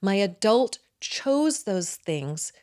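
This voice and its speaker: Excitable talkative woman in her forties. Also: mid-range voice, drawn-out words. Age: 40s. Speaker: guest, midwife and acupuncturist. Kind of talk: personal storytelling in conversation.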